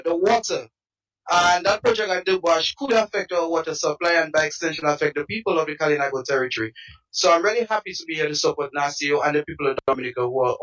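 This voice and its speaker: A man, a supporter speaking at a protest, in an earnest, measured way. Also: high voice, fairly bright tone. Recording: voice from some distance off the mic.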